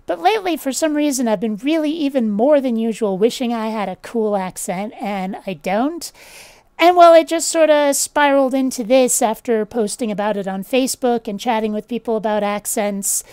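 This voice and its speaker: Woman vlogging, blunt and sweary, kinda high clean voice. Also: moderate pace, darkish tone, smooth, dry recording, studio quality. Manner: blunt, opinionated, swears casually. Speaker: channel host. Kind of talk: casual vlog monologue.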